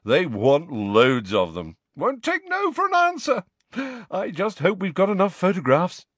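A man voicing a vain, childlike grown man who talks in a bright, showy, eager way. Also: high voice, huge pitch swings, a little slow, no room sound, voice pushed up, full character voice.

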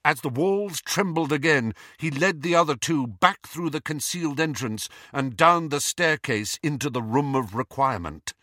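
A man narrating a novel in an expressive, animated reading. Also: on the high side, normal speed, few pauses, no room sound, studio quality. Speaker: audiobook narrator. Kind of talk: scripted narration.

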